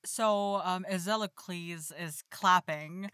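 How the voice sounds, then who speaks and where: A woman's voice: fairly low pitch, slow pace, sharp tone, clean tone. A woman player at a tabletop game, talking casually and giggly.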